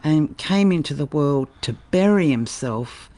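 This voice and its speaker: A woman co-hosting a live online show, reading quotes and scripture aloud in a measured way. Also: low-pitched, lively intonation, dark tone. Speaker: co-host who reads the quotes.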